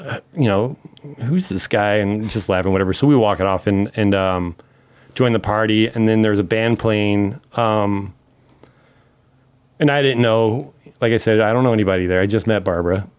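A man from Memphis telling a long story as a podcast guest, animated, acting out the quotes and swearing freely. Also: on the low side, normal speed, smooth. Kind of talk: casual storytelling.

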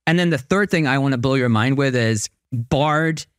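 A man's voice: mid-range voice, moderate pace, dry recording, studio quality. A tired man co-hosting a podcast, chatting casually, telling stories with frequent laughs and restarts. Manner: chatty storyteller, laughs often, rambling restarts. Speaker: podcast co-host.

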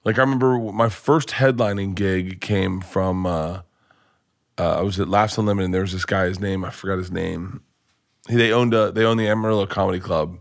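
A man with a fairly low speaking voice tells a long story in a loose, animated way. He keeps restarting his sentences and piling on details as he talks, like a comedian guest spinning an anecdote. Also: a little fast, creaky. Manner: rambling, animated, full of restarts.

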